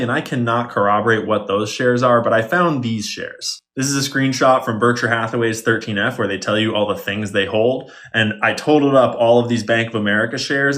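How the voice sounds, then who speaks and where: A man's voice: medium pitch, a bit bright. Man wryly explaining a conspiracy theory. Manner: wry, conspiratorial explaining with sarcastic asides. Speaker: online commentator. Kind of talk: explainer monologue.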